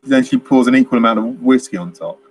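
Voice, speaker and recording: A man's voice: mid-range voice, fast talker, slight background noise. A man co-hosting a casual film chat, rambling through scenes, laughing often and acting out bits of dialogue. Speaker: film podcast co-host.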